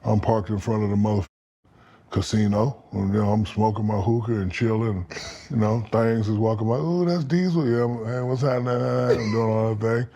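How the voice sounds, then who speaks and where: A man in his fifties, a podcast guest, telling animated, profane stories and acting out quoted lines. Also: fairly low pitch, normal speed, gravelly, lo-fi sound. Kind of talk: storytelling in casual interview.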